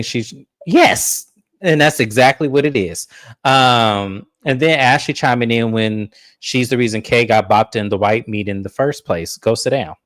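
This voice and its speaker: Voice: mid-range voice, no room sound. A recap show host in casual chat, blunt and opinionated, with loose slangy phrasing. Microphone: streaming setup.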